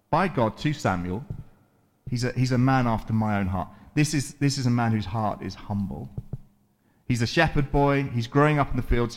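A man preaching a sermon, retelling a Bible story with dramatic pauses, repeated words and voiced quotes from the characters. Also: mid-range voice. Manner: measured, deliberate delivery with repeated words.

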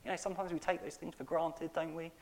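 Emphatic pastor preaching a sermon. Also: male voice, fairly high pitch, little pitch movement, fast talker, a little hiss or hum. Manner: emphatic, wide swings between loud and soft; asks the congregation rhetorical questions.

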